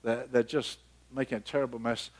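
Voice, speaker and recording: A man preaching a sermon, acting out biblical dialogue with sudden leaps in pitch and dropping to a soft, low murmur for emphasis. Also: flat delivery, fairly quick.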